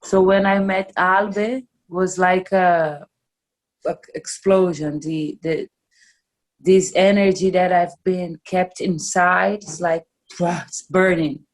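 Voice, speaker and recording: Slow, halting woman. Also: fairly low pitch, fairly even intonation. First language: Portuguese. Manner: searching for English words, halting and frank. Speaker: musician interviewee. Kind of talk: casual interview.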